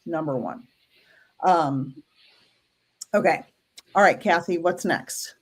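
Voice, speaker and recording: A woman's voice: on the low side, lively intonation, slow. Chatty, playful woman card reader. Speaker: co-host. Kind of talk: live-stream card reading.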